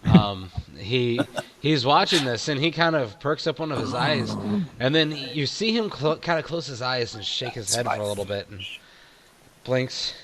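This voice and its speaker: A man's voice: mid-range voice, animated, normal speed, a crowd in the background. A man running a tabletop game who narrates loosely, with many fillers and a lot of laughing. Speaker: game master.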